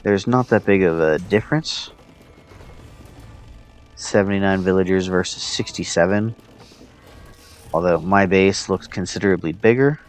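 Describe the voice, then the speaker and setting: Male player, deep voice, narrates his own match loosely with ums, faint music underneath. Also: unhurried, pauses often. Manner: relaxed, thinking aloud with fillers. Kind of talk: casual gameplay commentary.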